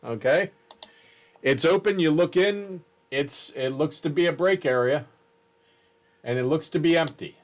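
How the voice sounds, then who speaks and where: A man running a tabletop game as game master. His voice is fairly high for a man, and he lays out each scene slowly and deliberately. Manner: deliberate, descriptive.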